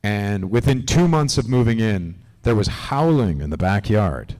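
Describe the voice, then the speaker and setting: A man as a convention panel guest, telling animated, rambling stories with lots of restarts. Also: on the low side, measured pace. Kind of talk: casual storytelling on a live panel. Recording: long hall reverb.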